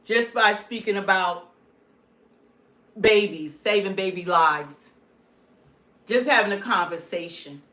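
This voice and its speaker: A woman's voice: medium pitch, takes it slowly, long pauses, a bit bright. A woman hosting a political commentary livestream, talking emphatically and repeating her points. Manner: emphatic, repetitive, preachy. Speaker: livestream host.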